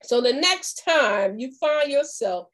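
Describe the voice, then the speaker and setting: A woman giving a faith-based motivational talk as a confidence coach, acting out little dialogues in an animated way. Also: high-pitched, slow.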